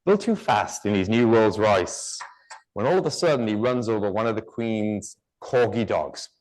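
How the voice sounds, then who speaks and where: A man's voice: fairly low pitch, lively intonation, normal speed, darkish tone, a little hiss or hum. Joking woodturning demonstrator, man. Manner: chatty, joking, rambling asides. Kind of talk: live workshop demonstration.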